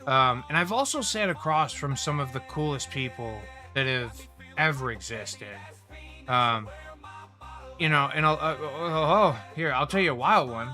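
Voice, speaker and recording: A man chats casually on a livestream, spinning long, rambling customer stories peppered with swearing. His voice sits a little high and comes across bright and forceful, with faint music playing underneath. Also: unhurried. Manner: rambling, profane, animated retelling of customer stories. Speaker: livestream host. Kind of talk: casual storytelling chat.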